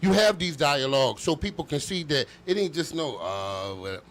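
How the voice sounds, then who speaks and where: A man's voice: fairly high pitch, expressive, moderate pace, fairly bright tone. Emphatic man talking slangy. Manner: emphatic, streetwise slang, repeats himself. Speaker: co-host, coach. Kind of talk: lively live talk show discussion.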